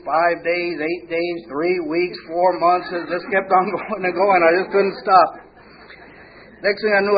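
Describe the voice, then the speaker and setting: A man telling a rambling, humorous story of his own past, acting out the quoted dialogue. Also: on the high side. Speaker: speaker sharing a recovery story. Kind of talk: storytelling testimony. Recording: muffled lo-fi recording with faint hiss.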